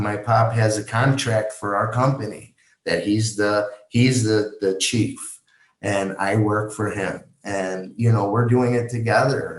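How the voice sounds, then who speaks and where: Male podcast guest, low and unhurried, halting personal storytelling, roomy echo. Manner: slow, halting retelling with restarts and quoted dialogue.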